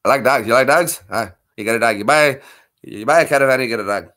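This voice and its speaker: A man voicing a brash pushy male caravan dweller in a put-on British Isles accent, talking in rapid patter. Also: medium pitch, bright, forceful tone, lightly acted.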